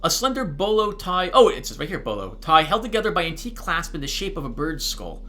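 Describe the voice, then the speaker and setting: Man, game commentary, casual, slightly high, lively pitch. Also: fairly quick. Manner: thinks aloud, casual with fillers. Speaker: let's play host. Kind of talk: let's play commentary and narration.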